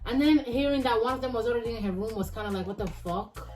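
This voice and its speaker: A woman's voice: fairly high pitch, rapid-fire, darkish tone, far from the mic, faint music behind. A young woman in her twenties in a casual chat with friends, sounding tired and swearing freely as she talks. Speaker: guest friend.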